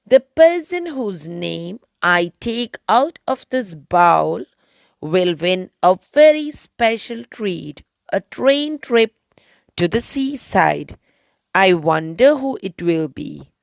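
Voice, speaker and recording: Lady putting on a big booming toy cop, pompous, slow and gravelly. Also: very animated, no room sound, full character voice. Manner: booming, official.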